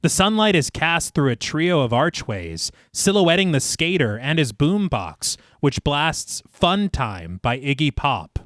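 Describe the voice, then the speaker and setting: A man with a slightly high voice recaps a film scene by scene for his podcast. His delivery swoops up and down with lots of movement. The recording is close and dry, with no room sound. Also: sing-song, a little slow, hardly any pauses, a bit bright, no room sound. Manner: narrates plot at length, laughing between passages. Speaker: podcast co-host.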